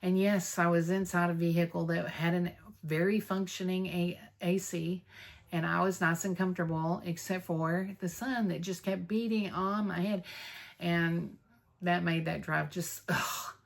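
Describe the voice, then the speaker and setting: A woman's voice: fairly low pitch, steady tone, measured pace, gravelly. A woman, chatting casually to camera in a stitching vlog, rambling through her news. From North Texas. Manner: chatty, rambling, warm about friends, with fillers. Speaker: Flosstube vlogger.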